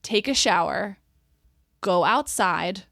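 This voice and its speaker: A woman's voice: mid-range voice, animated, slow pace, creaky, a bit bright, no echo, clean studio sound. Frank, swearing woman podcast host. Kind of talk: casual chat.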